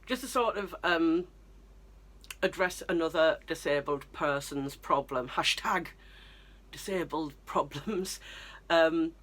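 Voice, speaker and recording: A woman's voice: deep voice, slow pace, a bit bright. A young British woman telling stories in a chatty, exasperated vlog style, with lots of fillers. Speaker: vlogger. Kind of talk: storytelling vlog.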